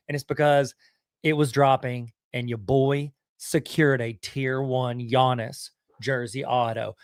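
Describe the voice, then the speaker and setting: A man's voice: medium pitch, fairly even intonation, measured pace, no room sound, studio quality. A middle-aged man with a Southern US accent hosting a podcast on a live stream, talking in a casual, slangy way with lots of fillers and restarts. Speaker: podcast host.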